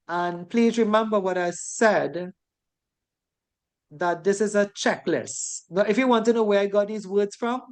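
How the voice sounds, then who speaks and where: A Caribbean woman with a Caribbean English accent and medium-pitched voice teaches a safety course. Her classroom lecture style is chatty, and she ends many sentences with "right?".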